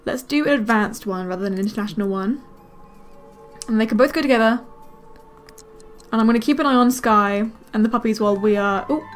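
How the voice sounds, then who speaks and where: A woman giving casual let's-play commentary, chatting to her game characters with quick excited exclamations. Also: fairly high pitch. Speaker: gaming video creator.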